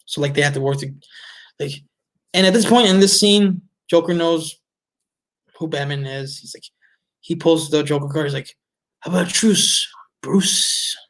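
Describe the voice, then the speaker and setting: A man with a slightly higher voice than most reviews a movie in a loose, off-the-cuff way. He is blunt and exasperated and swears freely as he picks the film apart. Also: normal speed, long pauses. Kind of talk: casual ranting film review.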